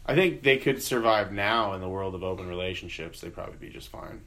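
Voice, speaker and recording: A man's voice: sits low, fairly quick, fairly bright tone, a little hiss or hum. A man in his thirties, a comedian guest, chatting casually and telling rambling, profane stories full of fillers. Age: 30s. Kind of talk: casual podcast chat.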